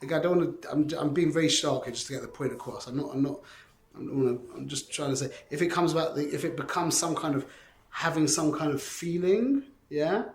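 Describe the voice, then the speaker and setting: Guy teaching torah class, bit high voice, lots of restarts and questions, echoey room. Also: fast, slight background noise. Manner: animated, many restarts and rhetorical questions.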